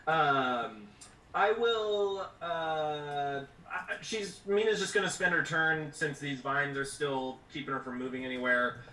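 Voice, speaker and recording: A man plays a tabletop game and rambles chattily through his turn. His voice is bright and tense, and he sits a bit back from the mic. The room echoes, with faint noise behind. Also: fairly high pitch, slow, distant mic. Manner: chatty, rambling, many fillers. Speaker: player.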